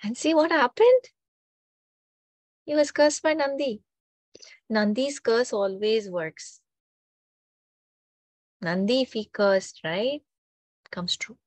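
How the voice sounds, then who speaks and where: Animated woman storyteller. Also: fairly high pitch, takes it slowly, pauses often, no echo. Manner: animated, conversational, frequent "right?" tags. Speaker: spiritual storyteller. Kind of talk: storytelling talk on mythology.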